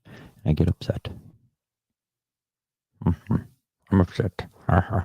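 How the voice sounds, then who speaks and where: A man's voice: deep voice, fairly even intonation, slow, creaky, mellow, breathy edge, no echo, muffled recording. A podcast host on a casual live stream, rambling and swearing as he talks back to the chat comments.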